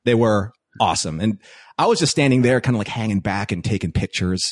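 A man telling a story as a podcast guest in casual chat, animated, acting out quoted lines. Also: on the low side, brisk, dry recording, studio quality. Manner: animated, excitable anecdote-telling with acted-out quotes.

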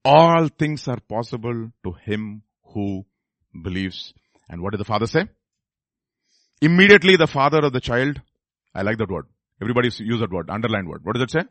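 A man preaching a sermon, moving between low murmured asides and loud, high exclamations and questions to the congregation. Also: expressive, brisk, no echo. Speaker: pastor.

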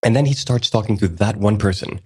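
A man's voice: lowish voice, fairly quick, dark tone, breathy edge. A man from Sweden co-hosting a podcast, talking casually with frequent hesitations and fillers. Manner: hesitant, many fillers and restarts. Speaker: podcast co-host.

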